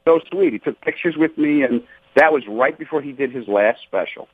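A man tells comedy-club stories as an interview guest, jumping his voice up whenever he acts out what someone said. He comes through a tinny phone line with a husky, dry sound. His pitch sits in a middle range. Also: normal speed, no room sound. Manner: animated, acts out quotes with big pitch jumps. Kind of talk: storytelling in a radio interview.

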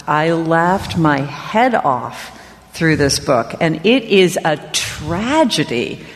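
A woman in a stage conversation, speaking warmly and earnestly about a book. Her voice sits a little low and she talks slowly. A long hall reverb trails her words. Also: sing-song. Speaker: author in conversation.

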